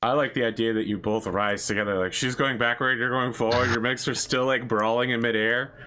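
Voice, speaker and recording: A man's voice: medium pitch, fairly even intonation, fairly quick, sharp tone, clear, resonant tone. A man acting as game master, narrating a mech battle and tallying dice in a playful, chatty way. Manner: playful, chatty, laughs often.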